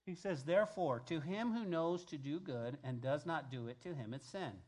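Guy preaching a sermon, kinda high voice, gets loud then goes real quiet, repeats stuff for emphasis. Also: expressive, moderate pace. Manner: emphatic, repeats key phrases, swings between loud and hushed. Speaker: pastor.

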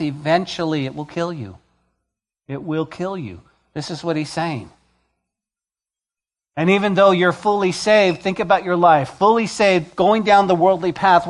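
Preaching man with big dynamic swings. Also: fairly high pitch. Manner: preaching with emphatic swings from loud to soft. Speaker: pastor. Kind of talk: sermon. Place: church.

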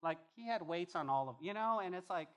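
Animated, emphatic male preacher. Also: high-pitched, brisk, dull audio. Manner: emphatic, animated, often repeats phrases and restarts. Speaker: pastor. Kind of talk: expository sermon.

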